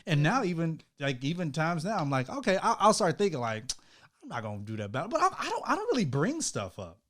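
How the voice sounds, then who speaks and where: Lively, slightly high man, co-hosting a casual chat, animated, acting out quotes, laughs a lot. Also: quick pace. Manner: animated, laughs often, acts out quotes in a raised voice. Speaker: co-host, husband.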